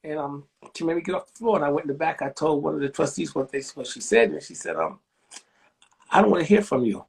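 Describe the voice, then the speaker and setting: A fast-talking library director in his sixties has a gravelly voice with a breathy edge. In this storytelling interview he's highly animated, voicing the people he quotes with big jumps in pitch.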